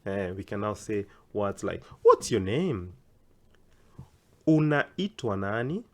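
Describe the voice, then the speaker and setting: A male language teacher drilling phrases slowly and carefully, stressing the rising pitch of questions. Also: big pitch swings, darkish tone. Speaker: Swahili teacher. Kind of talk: language lesson.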